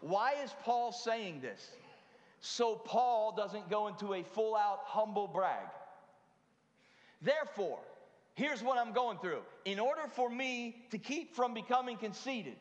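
A man's voice: sits high, lively intonation, slow, muffled recording. A man preaching a sermon in a conversational way, with frequent asides to the congregation. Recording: long hall reverb.

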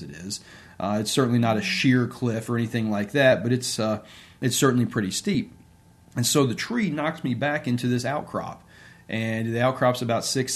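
A man with a medium-pitched voice, appearing as an interview guest and working as a sports coach, tells a personal story. He speaks casually and conversationally, using lots of fillers.

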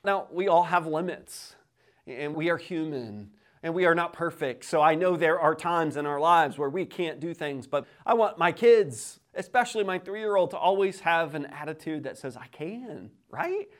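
A man in his thirties preaching a sermon as pastor, telling stories in an animated way and often repeating words as he starts a sentence. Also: a little high, normal speed. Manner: lively, animated storytelling with quoted voices.

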